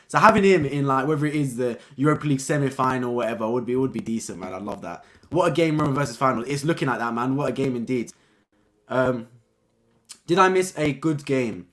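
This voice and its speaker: A young man hosting a live-stream football review, talking casually and excitedly, repeating his points and ending lines with "man". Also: on the high side.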